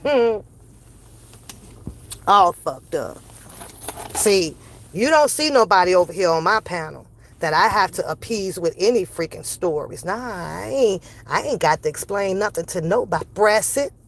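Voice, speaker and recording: A woman's voice: on the low side, animated, moderate pace, slight background noise. A woman streamer, ranting to her viewers in brash, mocking, profane commentary. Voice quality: brash, sassy, swearing heavily. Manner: confrontational, mocking, laughs between jabs.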